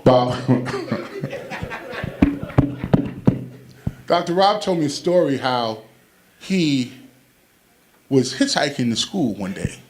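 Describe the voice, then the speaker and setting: Rambling New comic, roomy venue. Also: male voice, medium pitch, sing-song, extremely slow, pauses often, a little mellow. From Brooklyn, New York. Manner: loose, rambling, laughing at his own jokes. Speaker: stand-up comedian. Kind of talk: stand-up comedy routine. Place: comedy event venue.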